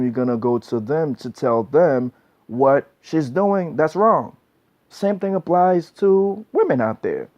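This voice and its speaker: With a voice on the high side and a darkish tone, a man lectures bluntly about relationships in a casual monologue. He keeps repeating himself, sounds preachy, and says "man" a lot, all captured on a dull lo-fi recording.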